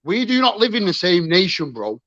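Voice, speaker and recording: A man's voice: high voice, sing-song, a little fast, a bit bright, no room sound. A man from England arguing heatedly on a livestream call, swearing often and calling everyone "mate". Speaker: livestream guest. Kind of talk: heated casual argument. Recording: muffled lo-fi call audio.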